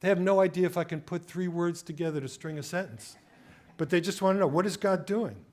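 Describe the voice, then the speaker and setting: A middle-aged man preaching as a guest speaker, telling his story with animated, acted-out quotes. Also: high voice, quick pace. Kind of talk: sermon.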